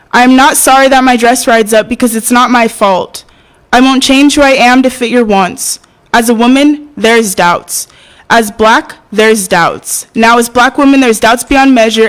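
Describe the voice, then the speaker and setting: At an open mic, a young adult woman performs spoken word poetry in a voice on the high side, captured in a rough recording. Between poems she is hesitant and soft-spoken, but she turns passionate when reciting.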